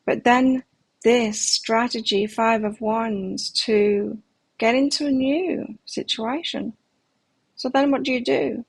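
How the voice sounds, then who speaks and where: A woman's voice: a little high, steady tone, slow pace, creaky, husky, no room sound. A middle-aged woman giving a live tarot reading, talking candidly and reflectively and sharing personal stories. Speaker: tarot reader.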